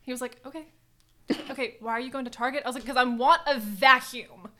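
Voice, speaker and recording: A young woman co-hosting a podcast, telling a story in animated, casual chat. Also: sits high, a little fast. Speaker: podcast co-host.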